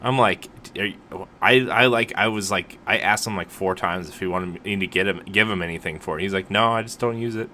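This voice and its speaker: Male podcast co-host, low-ish, bright forceful tone, loose rambling jokey delivery. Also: steady tone, brisk, few pauses, slight background noise. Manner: rambling, filler-heavy, joking. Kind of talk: casual podcast chat.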